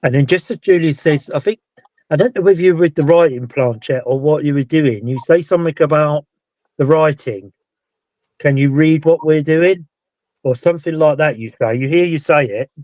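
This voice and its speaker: The voice is a British man's, a little high, mellow, and slightly quick. As a paranormal investigator and show host, he rambles through a casual live chat, often starting his sentences over, all captured in a dull, dry, lo-fi recording.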